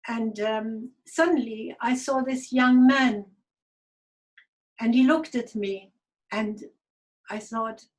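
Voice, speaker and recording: A woman giving a halting, reflective personal spiritual testimony, audibly emotional. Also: a little high, steady tone, rough recording. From Germany. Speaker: guest speaker.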